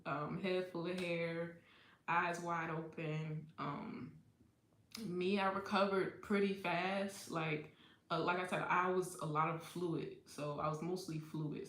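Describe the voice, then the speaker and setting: Her lowish voice is a bit bright, fairly even in intonation, and unhurried, with a roomy sound to the recording. This livestream host shares a personal story in a candid, profane storytime chat, laughing frequently.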